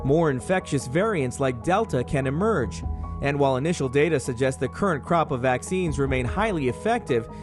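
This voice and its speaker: A man reporter narrating a science news segment in a measured, explanatory way. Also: medium pitch, expressive. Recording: voice over clear music.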